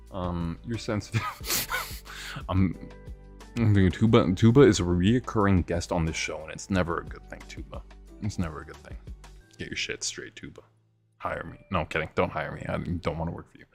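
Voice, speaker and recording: A young man in his twenties streams live, ranting about tech news in an excitable, profane way and breaking into laughter. His voice sits very low, and faint music plays underneath. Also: moderate pace, creaky. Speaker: livestream host. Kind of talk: livestream rant.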